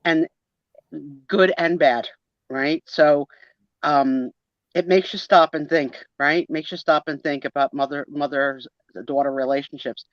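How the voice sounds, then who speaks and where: A woman's voice: low voice, steady tone, measured pace, dry recording. Chatty woman on a muffled video call. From Italian-American family. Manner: chatty, laughing, emotional storytelling. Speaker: co-host of a live photo sale. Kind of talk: casual livestream chat. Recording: dull dry sound of a video call.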